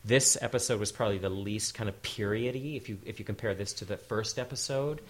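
A man talking as guest at a live onstage interview, lively and full of quick restarts. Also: fairly low pitch. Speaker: showrunner guest. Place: event hall with audience.

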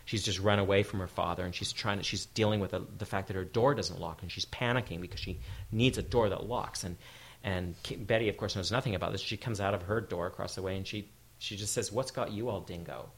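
Animated man in a live onstage interview. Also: deep voice. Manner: animated, quick restarts, lively storytelling. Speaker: showrunner guest. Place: event hall with audience.

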